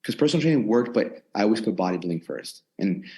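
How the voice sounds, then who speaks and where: A twenty-something personal trainer speaks fast in a fairly low voice with a breathy edge. He's candidly and energetically recounting his story for a casual podcast, voicing his inner dialogue, while recording in his own gym, a converted storage unit.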